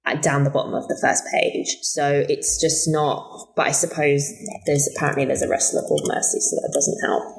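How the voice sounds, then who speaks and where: Low-voiced woman in casual film chat. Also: flat delivery, normal speed, vocal fry, low-quality recording. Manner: chatty, hesitant with many fillers and restarts. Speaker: podcast co-host.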